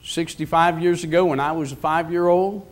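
Older male pastor in his 70s, high voice, emphatic repetitive preaching. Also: steady tone, normal speed. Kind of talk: sermon.

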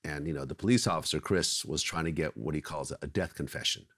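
A man hosting an interview, retelling stories in a casual, animated way with lots of fillers. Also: very deep voice, brisk, breathy edge. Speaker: interview host.

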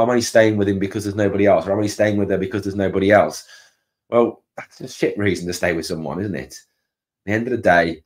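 Ranting football fan man, low voice. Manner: heated, ranting, rising to shouted outbursts. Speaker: channel host. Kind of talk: angry fan rant to camera.

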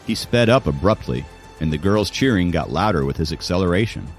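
A man's voice: sits low, animated, fairly quick, faint music behind. A man narrating an audiobook in a dramatic storytelling manner. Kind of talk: scripted narration.

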